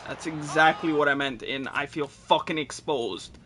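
A man's voice: a little high, moderate pace, crowd noise. A young man giving frustrated gameplay commentary, swearing, ranting and mocking himself sarcastically. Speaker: gaming YouTuber.

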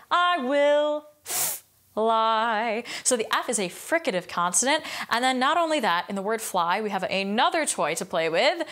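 A woman's voice: a little high, a bit bright. A young adult woman giving a singing lesson as a vocal coach, explaining a point and then singing it to show how it sounds. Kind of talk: singing lesson with sung demonstrations.

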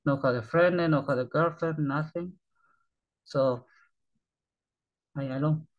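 Halting man in his thirties. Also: a little high, lo-fi sound. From Japan. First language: Japanese. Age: 30s. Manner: halting broken English, often trailing off softly. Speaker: reaction video host. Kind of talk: rambling casual monologue.

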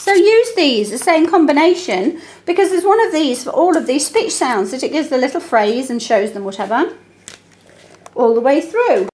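An Australian woman tutor explaining how to teach spelling, reading rhymes aloud slowly and deliberately. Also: high voice, sing-song, darkish tone. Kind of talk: teaching demonstration.

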